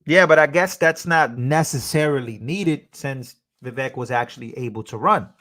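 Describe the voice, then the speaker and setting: A man's voice: mid-range voice, normal speed, a bit bright. A young man hosting a live stream, chatting casually, reading out chat messages and thanking donors.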